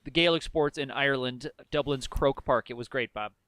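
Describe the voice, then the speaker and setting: A man's voice: medium pitch, normal speed, fairly bright tone, no echo. A man co-hosting a casual sports podcast, explaining scores and rules at length in a precise, chatty way. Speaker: podcast co-host.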